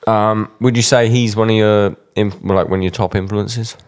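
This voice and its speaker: A man's voice: lowish voice, steady tone, normal speed, a little mellow, smooth. A man interviewing a drummer in casual, joking chat, swearing freely. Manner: swearing, joking, laid-back.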